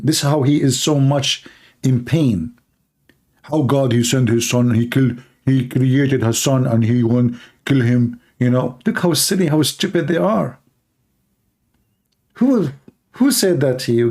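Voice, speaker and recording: A man hosting a live call-in debate stream, mocking and combative in manner, his voice hoarse and tired with occasional coughs. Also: mid-range voice, darkish tone. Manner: mocking, combative, repeats points rhetorically. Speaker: livestream host debating callers.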